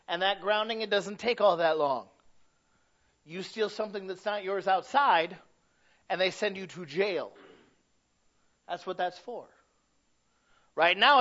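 A middle-aged man preaching a sermon, swinging from loud to hushed. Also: sits high, highs cut off. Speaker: pastor.

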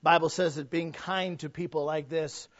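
A man's voice: a little high, steady tone, moderate pace, a bit bright, no room sound. A man preaching a sermon in a folksy, conversational way, full of rhetorical questions. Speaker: pastor. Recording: dull, dry sound.

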